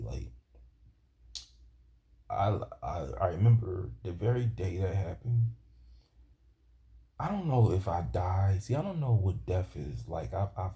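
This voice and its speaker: A man telling a personal story from his youth in a halting, rambling way, often restarting his sentences. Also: deep voice, vocal fry, warm tone. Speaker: vlogger.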